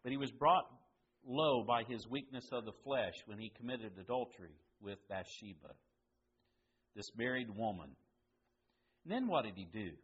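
A man preaching a sermon, asking his listeners questions and swinging between loud emphasis and quiet, hushed lines. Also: mid-range voice, lively intonation, moderate pace, dull audio, slight background noise.

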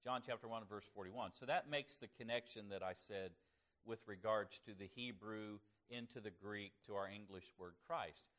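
Low-voiced man teaching a Bible lesson. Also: fairly bright tone. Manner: measured, stresses key words, reads scripture slowly. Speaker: preacher.

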